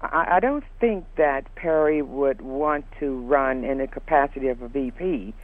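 A man's voice: mid-range voice, a little slow, no room sound. A man calling in to a radio show, speaking politely and measuredly. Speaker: caller. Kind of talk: call-in radio comment. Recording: tinny phone line.

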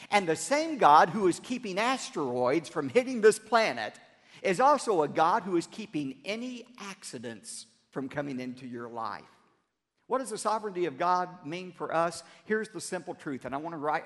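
A man's voice: on the high side, a bit bright, in a large hall. A man preaching a sermon as pastor, emphatic and leading the congregation in repeated phrases, recorded in a church sanctuary.

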